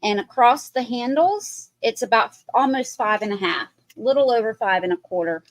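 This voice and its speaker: A woman's voice: a little high, lively intonation, moderate pace, no echo. A woman hosting a live online sale, describing a piece of pottery in chatty detail. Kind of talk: live sales presentation.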